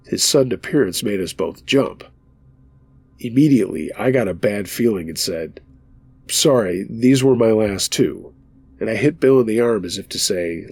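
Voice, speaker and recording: A low-pitched man with a gravelly, husky voice narrates a scary story in calm, measured tones. His delivery is steady and scripted, as if reading to listeners around a campfire. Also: no echo.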